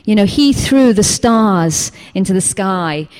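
A woman's voice: mid-range voice, slow. A woman teacher from England giving an informal sermon, full of personal stories, acting out quotes and dropping to a whisper at times. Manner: animated storytelling, acts out quotes, drops to whispers. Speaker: teacher giving a church talk.

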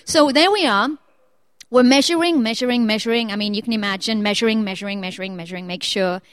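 A woman preacher in her thirties telling a chatty personal story with animated quoted voices before turning to her sermon. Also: medium pitch, fast, clear, resonant tone, dry recording.

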